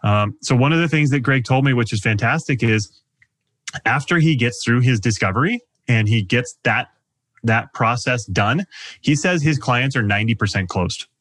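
Animated male sales coach, dry sound. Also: mid-range voice, moderate pace, no echo. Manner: animated, acts out customer dialogue. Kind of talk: podcast interview.

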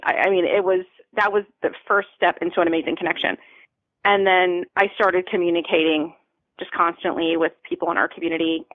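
A woman's voice: on the low side, no room sound. Earnest woman storyteller on a phone-like line. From Florida, USA. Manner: earnest, repeats phrases for emphasis. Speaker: podcast guest. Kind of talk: emotional personal storytelling.

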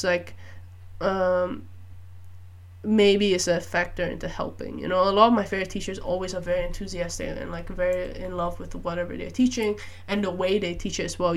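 Chatty young woman in a casual monologue. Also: on the low side. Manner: chatty, animated, frequent "like" fillers. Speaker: podcast host. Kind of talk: casual solo chat.

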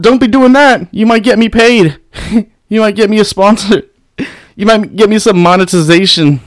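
Brash, foul-mouthed man, dry close mic. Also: no echo. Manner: brash and mocking, swears constantly, laughs at his critics; mimics critics in a high mocking voice. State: high on weed. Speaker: podcast host. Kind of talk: profane solo podcast rant.

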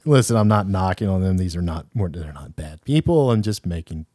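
A man co-hosting a podcast, talking in a chatty, animated, jokey way. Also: low-pitched, brisk, no echo, studio quality. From Louisiana. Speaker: podcast co-host. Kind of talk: casual chat.

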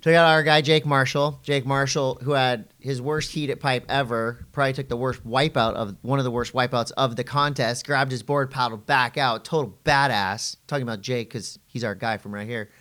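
A middle-aged man co-hosting a casual podcast, telling surf stories with animation and jumping into a high voice when he quotes people. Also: fairly even intonation, brisk, hardly any pauses, a bit bright. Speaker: podcast co-host and surf commentator.

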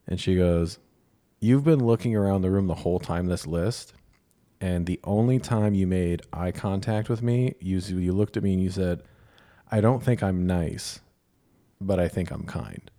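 A man's voice: low-pitched, normal speed, warm tone. A man co-hosting a podcast, telling a story in casual chat, wry and laughing often, swearing freely. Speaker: podcast co-host.

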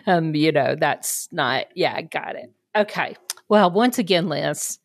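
A woman's voice: fairly low pitch, no echo, studio quality. A woman co-hosting a podcast, asking direct questions in a conversational way. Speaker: podcast co-host. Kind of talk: interview questions.

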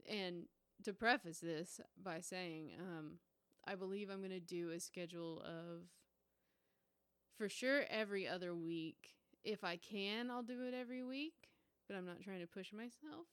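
A young woman from the United States hosting her own podcast, telling a story in a casual, profane, animated way. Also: on the low side, unhurried, smooth, no echo. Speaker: podcast host.

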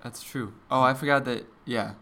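A man's voice: medium pitch, normal speed, pushed and bright. A man in casual chat about a movie, reacting with short exclamations and agreement. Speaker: movie discussion co-host.

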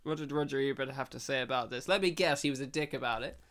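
A man hosting a casual movie commentary chat, jokey and animated, often jumping into high mocking voices. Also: quick pace, slight background noise. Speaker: podcast host leading a movie commentary.

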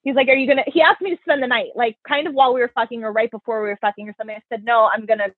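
A young woman hosting a casual chat, telling a story in an animated, profane way and acting out what others said. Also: fairly high pitch, very fast, dry recording. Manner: animated, profane, quotes people in her stories. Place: New York. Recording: tinny phone-like audio.

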